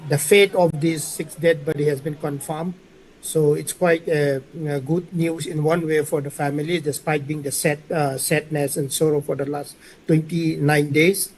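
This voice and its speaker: Hesitant man, slightly high. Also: steady tone, normal speed, a little hiss or hum, poor audio. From Manipur. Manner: hesitant, filler-heavy, methodical. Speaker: panelist. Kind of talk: news debate commentary.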